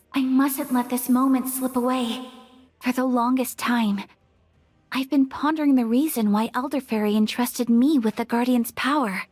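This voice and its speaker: A sincere young cookie guardian speaks with quiet conviction. Her voice is high and bright. The sound is dry, with game music underneath. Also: husky, dry recording. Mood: reflective. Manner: earnest, pleading, heartfelt. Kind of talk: game voice acting.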